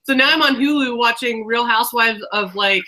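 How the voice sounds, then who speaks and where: A woman's voice: fairly high pitch, moderate pace, bright, forceful tone. A woman in a casual book club chat on a video call, telling long rambling stories with many restarts. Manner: chatty, rambling storyteller with restarts.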